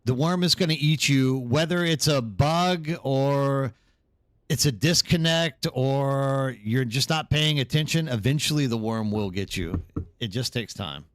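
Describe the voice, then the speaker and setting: A man's voice: medium pitch, a little slow, no echo, studio quality. Tired, rambling male streamer. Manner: rambling, answers chat by name. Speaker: live streamer. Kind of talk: casual live stream chat.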